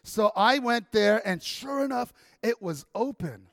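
A man preaching a sermon in a church, telling a story in a conversational, animated way that rises into excited bursts. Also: sits high, measured pace, gravelly, studio quality. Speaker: pastor. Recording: long church hall reverb.

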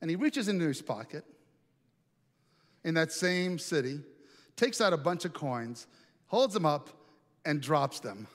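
A male pastor tells a story from the pulpit in an easy, chatty way, often turning to ask the congregation questions. His voice sits on the high side for a man. The sound carries a long reverb from a large hall. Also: lively intonation, a little slow, pauses often. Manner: conversational, asks the congregation questions. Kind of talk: storytelling sermon.

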